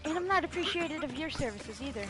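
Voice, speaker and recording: A woman streaming a video game live, talking back to the characters loudly and cursing freely. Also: high-pitched, lively intonation, fast talker, loud music behind the voice. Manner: loud, profane, talks back to the game. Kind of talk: live gaming commentary.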